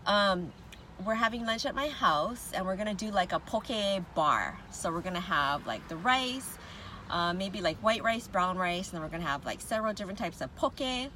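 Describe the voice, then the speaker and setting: With a medium-pitched, expressive voice at normal speed and a sharp tone, a livestream host talks casually to viewers from her parked car. She greets them and laughs a lot. Faint traffic noise filters in through the open windows.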